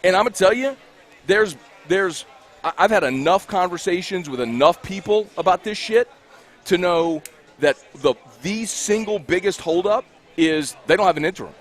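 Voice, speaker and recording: A man co-hosting a postgame sports radio show, ranting furiously and profanely, shouting and hammering his points. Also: high-pitched, animated, moderate pace. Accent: Louisiana. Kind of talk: heated postgame talk radio rant. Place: cigar bar.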